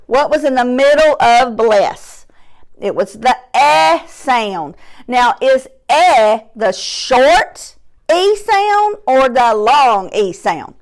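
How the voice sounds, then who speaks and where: A woman teaching a phonics lesson to young children, stretching out sounds and words slowly and clearly while seated at her desk. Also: high-pitched, animated. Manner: slow, drawn-out sounds, emphatic. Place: classroom or home desk, seated in chair.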